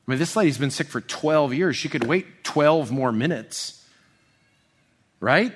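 A man preaching an expository sermon in a conversational way, full of restarts, dropping soft and slow on tender passages. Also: a little high, animated, husky. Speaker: pastor.

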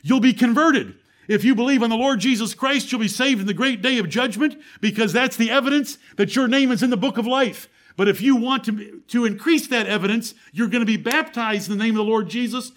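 Preaching briskly to his congregation, a man quotes scripture and throws out rhetorical questions. He alternates between rising, fervent passages and low, quiet stretches.

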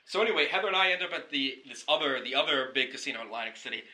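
Male podcast host, very bright timbre, loose rambling storyteller who swears casually. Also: mid-range voice, animated, rapid-fire, poor audio.

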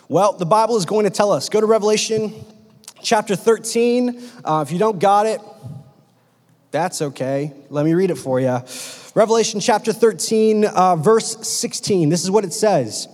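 A man's voice: sits high, expressive, normal speed, darkish tone. A young man preaching a sermon in a church hall, casual and joking, with slang.

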